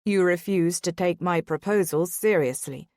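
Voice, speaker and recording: A woman voicing a calm, arrogant young nobleman. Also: moderate pace, no room sound, clean studio sound. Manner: low, quiet and even.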